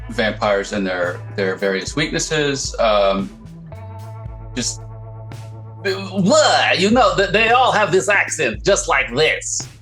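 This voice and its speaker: A man's voice: on the low side, a bit bright, voice pushed down, poor audio. A man voicing a flustered male vampire enthusiast in a tabletop game, stammering and hesitant. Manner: stammering, hesitant, laughs often. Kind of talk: tabletop role-play in character.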